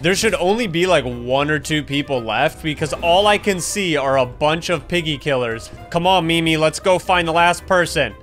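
A young man with a notably high voice narrates his gameplay with excited energy. He laughs often and keeps calling out to his teammates as he plays. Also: moderate pace, few pauses, faint music behind. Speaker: gaming YouTuber.

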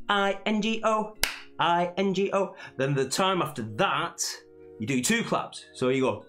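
A man's voice: a little high, expressive, measured pace. A man hosting a live-streamed children's song session, cheerful and encouraging in a sing-song, chatty way. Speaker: children's entertainer. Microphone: live stream mic. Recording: echoey room, loud guitar music. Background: guitar playing.

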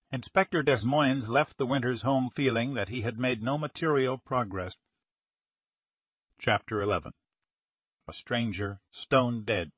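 A man's voice: medium pitch, fairly bright tone, no room sound. Man narrating a detective story, dry sound. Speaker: audiobook narrator.

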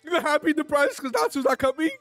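Reaction host, high register, loud and excitable, cursing casually, light music bed underneath. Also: fast. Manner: excitable, swears freely, laughs often. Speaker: anime reaction channel host.

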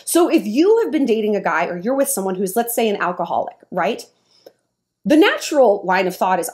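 A woman's voice: on the high side, lively intonation, normal speed, darkish tone. A woman vlogger giving frank, opinionated dating advice in an emphatic talk to the camera. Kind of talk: monologue to camera.

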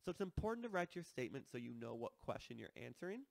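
A man's voice: medium pitch, big pitch swings, quick pace, vocal fry, no echo. A man teaching a math lesson, explaining step by step and checking in with listeners as he works through problems.

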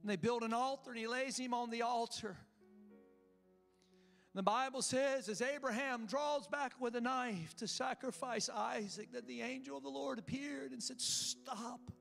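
High-voiced pastor preaching emphatically. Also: male voice, normal speed, creaky, a bit bright. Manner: emphatic, storytelling, calls to the congregation. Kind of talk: sermon. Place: church sanctuary. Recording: long hall reverb with music.

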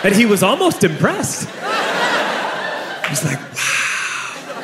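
A man in his thirties telling a stand-up story to a live audience, animated and shouting his punchlines. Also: high voice, measured pace. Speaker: stand-up comedian. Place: comedy venue with a live audience. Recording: echoey room, crowd laughter, background noise.

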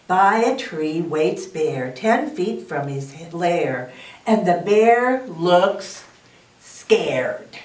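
A woman librarian reads a picture book aloud slowly, her fairly low voice rising and falling in a lively, expressive way as she invites the children to say the phrase along with her. She sounds distant in a roomy, echoey space.

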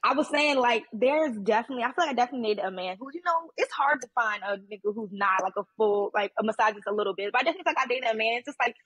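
Husky, rapid-fire woman panelist. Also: a little high, animated, fairly bright tone, no room sound, poor audio. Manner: rambling, lots of fillers, candid. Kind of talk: casual panel chat. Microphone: video call.

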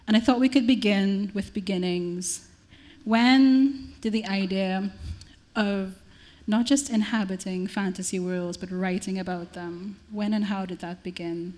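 A woman chairing a literary festival panel, who thanks the readers and asks thoughtful, measured questions. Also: medium pitch, steady tone, darkish tone.

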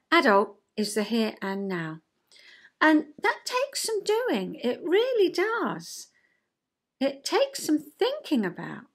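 An older woman hosting a casual chat, telling stories expressively in a homely way. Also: on the high side. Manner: expressive storyteller, acting out dialogue, homely. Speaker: host.

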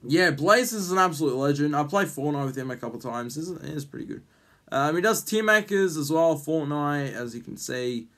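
Rambling guy, slightly high voice. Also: animated, moderate pace, fairly bright tone. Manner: rambling, full of ums, jokey teasing. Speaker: YouTube host. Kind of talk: casual vlog commentary.

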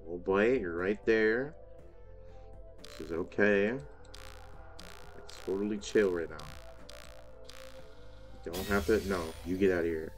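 Man, low and unhurried, narrating his horror game run; chats at the enemies, yelps when surprised. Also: faint music behind. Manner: talks to game characters, frequent startled exclamations. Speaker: gaming video host. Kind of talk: let's play commentary.

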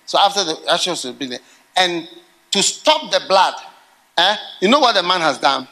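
A middle-aged man preaching a sermon, telling stories with animated swings into loud, laughing outbursts. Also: sits high, moderate pace. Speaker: pastor.

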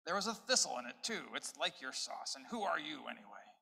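A man's voice: a little high, very animated, fairly quick, vocal fry, breathy edge, long reverb tail, heavily acted, rough recording. A man voicing a surly, scornful male dwarf in a read-aloud story. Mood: angry. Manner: scornful, shouting.

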